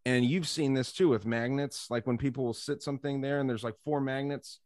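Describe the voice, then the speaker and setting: A man's voice: medium pitch, fairly even intonation, fairly quick, darkish tone, dry recording, studio quality. A man talking loosely on a podcast, rambling with lots of filler words. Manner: rambling, heavy on fillers like "like" and "dude". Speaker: podcast guest. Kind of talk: casual conspiracy chat.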